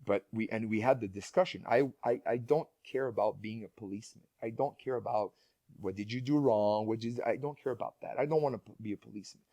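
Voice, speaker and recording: Halting man telling a family story. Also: fairly low pitch, dark tone, no room sound. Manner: halting, many restarts and repeated words. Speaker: guest speaker, parent. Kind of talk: casual interview storytelling.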